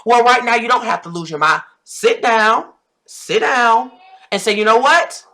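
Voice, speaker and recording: A woman's voice: fairly high pitch, lively intonation, measured pace, bright, forceful tone. A woman in her thirties with a Southern US accent, giving a blunt, preachy pep talk as a life coach and repeating phrases for emphasis. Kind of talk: direct-to-camera pep talk.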